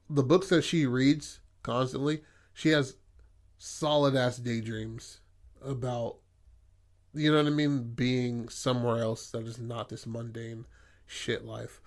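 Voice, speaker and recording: A man co-hosting a podcast, pitching a story idea in a rambling, profane chat full of fillers. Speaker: podcast co-host. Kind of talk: casual brainstorming chat.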